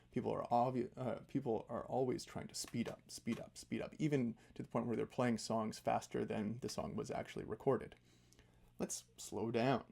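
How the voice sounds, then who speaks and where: Guy teaching music, laid back and chatty, gravelly low-key voice. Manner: relaxed and conversational, often adds "right?". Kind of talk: casual spoken lesson on mindful practice.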